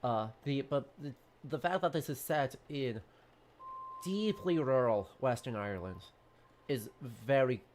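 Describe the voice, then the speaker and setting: A man's voice: mid-range voice, animated, a little slow, darkish tone, slight background noise. A man casually chatting and reading dialogue while streaming a story game. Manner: chatty, self-deprecating, rambling. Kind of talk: casual let's-play chat.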